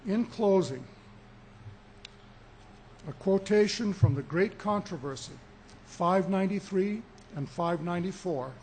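A man preaching with a fairly high, light voice, drawing out his points slowly and pushing hard on key words. A faint hiss sits under the recording. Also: a little mellow. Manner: emphatic preaching, slow deliberate pauses, rising for emphasis. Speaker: pastor. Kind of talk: sermon.

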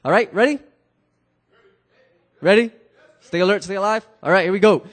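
A man with a high voice for his sex tells a story to a gathered audience in a loose, casual way. He often stammers, restarts and repeats words, and he speaks straight to his listeners. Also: normal speed.

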